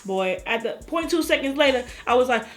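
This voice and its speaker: Animated woman telling a story. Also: sits high, fairly quick, soft background music. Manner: animated, acts out her own cries and quotes. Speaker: vlogger. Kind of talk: casual storytelling.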